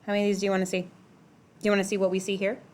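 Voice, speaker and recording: A woman's voice: medium pitch, monotone, very fast, darkish tone. A middle-aged woman teaching a math class in a classroom, talking casually, using "like" a lot and asking the students questions. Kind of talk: classroom lecture.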